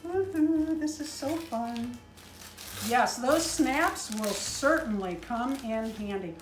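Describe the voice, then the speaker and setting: A woman's voice: on the high side, takes it slowly, noisy background. A middle-aged woman opening handmade doll gifts on a casual vlog, gushing and exclaiming often, sometimes flustered and choked up.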